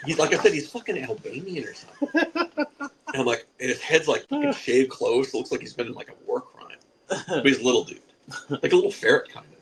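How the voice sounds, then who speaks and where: A man's voice: medium pitch, very animated, fast, noisy background. A man in his forties telling a rambling, profane comic story on a podcast, laughing at his own jokes. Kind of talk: casual comic anecdote.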